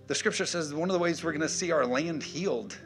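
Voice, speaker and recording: A man's voice: fairly high pitch, fast talker, fairly bright tone, soft background music. Emphatic man preaching a sermon. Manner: emphatic, punchy, call-and-response. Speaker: pastor.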